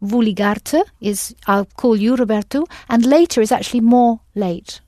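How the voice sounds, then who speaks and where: Woman language teacher, higher voice, dry close sound, patient prompting. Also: moderate pace, warm tone, no echo. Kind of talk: guided language lesson.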